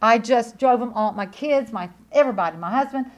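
A woman with a drawl preaches her testimony in a somewhat high voice. She is emphatic, rising to loud proclamations and dropping to quiet, intimate asides. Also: a little fast. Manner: animated, emphatic, swings between loud declarations and hushed asides. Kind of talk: sermon testimony.

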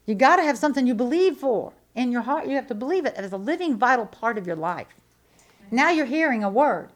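A woman preaching a sermon with a fairly high voice. She is emphatic and repeats her points, swinging from loud declarations to hushed asides. Her delivery is conversational and folksy, full of rhetorical questions. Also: expressive, brisk.

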